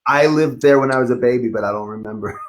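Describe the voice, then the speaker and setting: A man's voice: medium pitch, brisk. A middle-aged man from Queens with a faded New York accent, a guest musician chatting casually and telling stories with frequent laughs. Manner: chatty storyteller, laughs often. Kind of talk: casual conversation.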